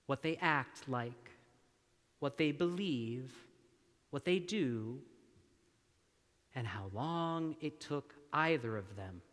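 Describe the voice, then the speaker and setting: A man preaching a sermon in a slow, measured way, letting long pauses hang between phrases. His voice sits a little higher than most men's. The sound rings out with the long reverb of a church sanctuary. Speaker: minister.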